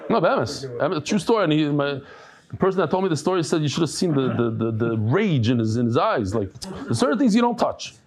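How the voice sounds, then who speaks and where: A Talmud teacher with a slightly high, brisk voice leads his daily class. He tells animated stories, restarting often and sprinkling in Yiddish terms, with jokes and humorous asides along the way.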